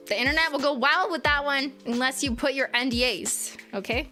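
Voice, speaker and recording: A woman's voice: a little high, moderate pace, bright, forceful tone, soft background music. A woman in her late twenties opening fan mail on a live stream in casual, chatty talk, swearing freely and laughing often. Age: late 20s.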